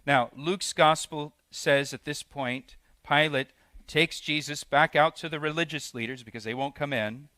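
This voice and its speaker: Bright-voiced male pastor preaching. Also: a little high, normal speed, no room sound. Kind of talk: expository sermon.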